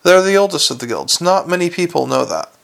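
A man's voice: on the high side, sing-song, brisk, gravelly, a bit bright, exaggerated voice. A man doing an eager, cheery young watchman. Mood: chatty. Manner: eager, chatty, explains everything. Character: earnest cheery young male city watchman.

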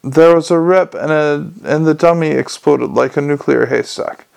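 A man reading a comic fantasy novel aloud as an audiobook narrator, with a wry, expressive delivery. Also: a little high, normal speed, gravelly, clear, resonant tone.

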